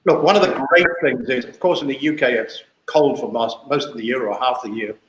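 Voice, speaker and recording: A man's voice: medium pitch, fairly quick, a little hiss or hum. Older interview guest from South Africa, man in his sixties, anecdotal and talkative, recorded in a roomy space. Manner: chatty, anecdotal, repeats himself. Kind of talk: casual storytelling interview. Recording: echoey room.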